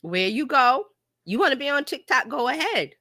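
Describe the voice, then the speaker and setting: A woman hosting a casual livestream chat as a marketing coach, talking in an animated way and slipping into playful quoted voices. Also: high-pitched, normal speed, no room sound, clean studio sound. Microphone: home streaming mic.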